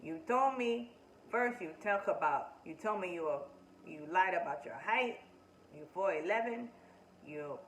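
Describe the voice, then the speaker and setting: A woman voicing an upset young woman who confronts her partner, firing off repeated accusations in a raised, higher voice. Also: normal speed, few pauses, echoey room, distant mic, slight background noise, lightly acted, low-quality recording. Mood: heated.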